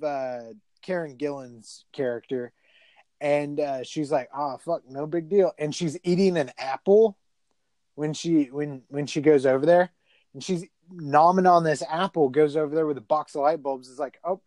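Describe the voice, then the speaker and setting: A man's voice: on the high side, moderate pace, mellow, no echo. A man retelling a movie in a casual chat, rambling and profane, with lots of filler words.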